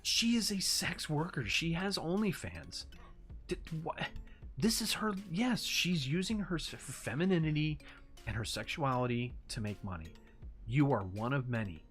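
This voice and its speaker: A man hosting a casual commentary video, ranting in an animated, exasperated way with frequent profanity and mocking asides. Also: on the high side, moderate pace, soft background music. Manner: animated, swings into mocking impressions and sarcastic read-outs. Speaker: commentary host.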